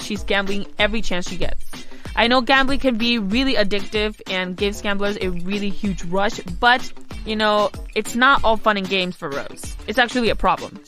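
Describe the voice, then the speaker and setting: A woman's voice: medium pitch, fairly bright tone. A young woman hosting a podcast, giving advice in casual chat and rambling with lots of "like" and "you know". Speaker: podcast host.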